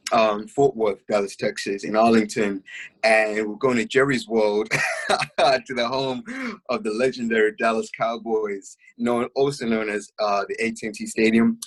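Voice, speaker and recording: A young man, chatting excitedly as co-host of a boxing talk show, with lots of fillers. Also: lowish voice, husky, poor audio. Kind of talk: casual chat.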